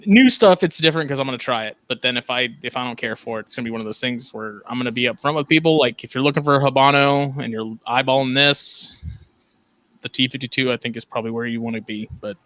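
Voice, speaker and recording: A man's voice: medium pitch, quick pace, fairly bright tone, no room sound. A man co-hosting a podcast, chatting casually in an easygoing, rambling way and giving blunt opinions. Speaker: podcast co-host, cigar seller. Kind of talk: casual chat.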